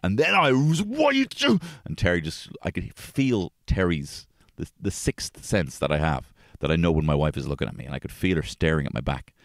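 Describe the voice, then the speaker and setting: Deep-voiced man telling swear-filled home stories. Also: a little fast, few pauses, dry recording, clean studio sound. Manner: swears freely, animated, acts out quotes in a high voice. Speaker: podcast host. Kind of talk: casual storytelling chat.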